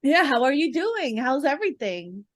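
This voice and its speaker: A woman's voice: sits high, very animated, normal speed, no echo. A woman from the Bronx hosting a podcast in casual chat, upbeat and teasing, laughing often. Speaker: podcast host.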